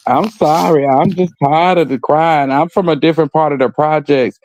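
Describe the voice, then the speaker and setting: Blunt, gravelly gossiping man. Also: a little high, darkish tone, no echo. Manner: blunt, joking, street slang; reads viewer comments aloud. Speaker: podcast co-host. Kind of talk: casual gossip commentary.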